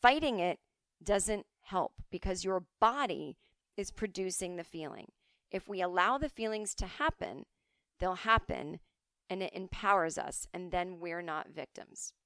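A woman hosts a casual podcast from her home. Her voice is crisp and smooth, and the recording is close and dry. She tells stories with lively energy and often drops into quoted voices. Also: on the low side, measured pace, no echo. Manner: animated storytelling, jumping between quoted voices. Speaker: podcast host. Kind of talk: casual monologue.

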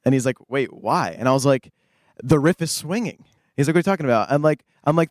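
A man's voice: medium pitch, rapid-fire, no echo. A young man from the United States who plays in a rock band, telling a studio story in an interview, acting out quotes and humming riffs. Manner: animated storyteller, acts out quotes and hums riffs. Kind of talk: casual interview anecdote.

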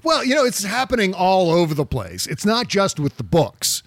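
A man co-hosting a political podcast in casual chat, talking loosely with profanity and quick laughs. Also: high voice, huge pitch swings, no room sound. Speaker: podcast co-host.

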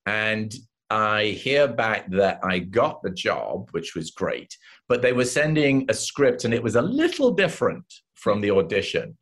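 Lively English man telling stories. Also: lowish voice, measured pace. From England. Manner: lively anecdotes, quoting others with voices. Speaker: actor guest. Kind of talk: casual interview storytelling.

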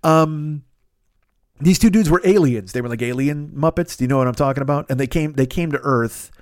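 A man's voice: on the high side, a little fast, no echo, studio quality. Profane rambling man on a comedy podcast. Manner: rambling, profane, with goofy sound effects and voices. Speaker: podcast host. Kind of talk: casual comic monologue.

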